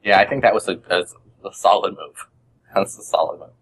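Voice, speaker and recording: A man's voice: low voice, brisk, a bit bright, low-quality recording. A man from Boston chatting casually on a podcast, telling stories with lots of fillers and restarts. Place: shared office.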